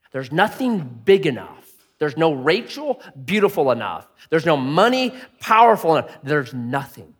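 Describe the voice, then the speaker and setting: A man preaching with a high, lively voice that jumps between loud, excited bursts and near-whispered lines. His words ring out with a long reverb, as in a large hall. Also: slightly rough. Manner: animated storytelling, swings from loud to hushed. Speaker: pastor. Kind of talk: sermon.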